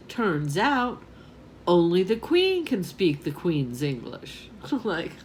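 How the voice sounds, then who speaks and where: A woman's voice: fairly low pitch, sing-song, takes it slowly, a little hiss or hum. A woman in her twenties from New York, telling a rambling story on her vlog and often laughing at herself. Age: 20s. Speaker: vlogger.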